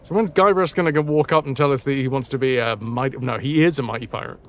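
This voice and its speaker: A British man streaming live reads a story aloud in a quick, mid-range, slightly bright voice. He keeps stopping to repeat words for practice, correcting himself and swearing at himself.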